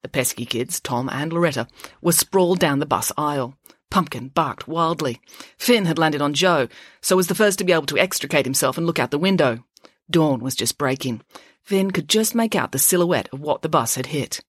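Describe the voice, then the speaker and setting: A woman reads a children's adventure story with an expressive, animated delivery, her tone rising and falling through the action. The recording is close and dry, with no room sound. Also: deep voice, moderate pace, dry recording. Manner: lively, expressive reading. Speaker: author reading her children's book. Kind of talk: storybook narration with character voices.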